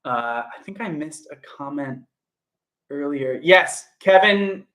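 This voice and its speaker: A young male actor chats casually on a livestream, answering viewer comments and greeting people by name in an upbeat way. His medium-pitched voice is expressive, unhurried and fairly bright. He's in a room at home, and the recording has an echoey room sound.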